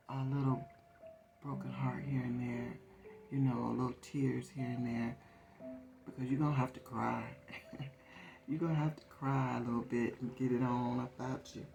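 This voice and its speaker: A woman's voice: extremely low pitch, creaky. A woman reading tarot in a casual, conversational way, repeating phrases for emphasis. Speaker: tarot reader. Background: soft guitar music.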